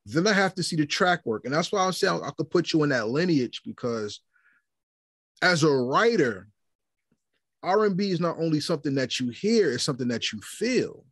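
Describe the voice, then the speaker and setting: A man's voice: on the high side, very animated, normal speed, fairly bright tone, breathy edge, no echo, clean studio sound. A man hosting a podcast interview, talking emphatically and repeating words as he frames his questions. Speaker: podcast host.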